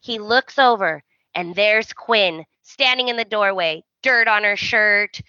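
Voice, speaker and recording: A woman co-hosting a casual podcast, recapping a soap opera with animated storytelling and acting out the characters' lines. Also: mid-range voice, unhurried, dry recording, lo-fi sound. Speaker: podcast co-host.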